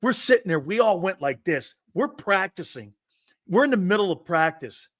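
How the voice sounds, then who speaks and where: A man's voice: high-pitched, sing-song, moderate pace, a bit bright, no echo, studio quality. A man in his fifties hosting a sports talk show, telling rambling anecdotes with restarts and the odd curse word. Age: 50s. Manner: rambling, digressive, with restarts and profanity. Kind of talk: casual anecdotal storytelling monologue.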